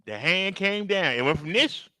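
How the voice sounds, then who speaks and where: A man's voice: high voice, animated, moderate pace, pushed and bright, no room sound. A man hosting a reaction video, talking casually and emphatically to his viewers and acting out outbursts as he tells a story. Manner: conversational, addresses viewers directly. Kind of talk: casual commentary.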